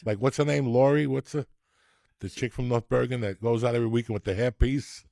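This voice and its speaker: A man's voice: mid-range voice, fairly quick, gravelly, no echo, studio quality. A man, telling rambling, profane comic stories as a podcast host. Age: 60s. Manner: profane, rambling, animated storyteller. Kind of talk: storytelling comedy rant.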